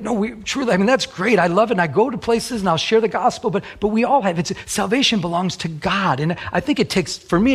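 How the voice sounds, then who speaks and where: A man pastor delivers a sermon in a loose, conversational way. His voice sits a bit high and has a husky edge. He often trips over words, repeating them as he restarts his thoughts.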